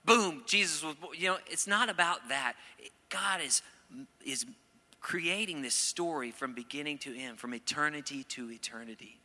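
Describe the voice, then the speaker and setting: A middle-aged man preaching a sermon, playful and animated at first, then earnest. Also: on the high side, moderate pace, in a large hall. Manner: playful, acts out quoted voices, then earnest. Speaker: pastor.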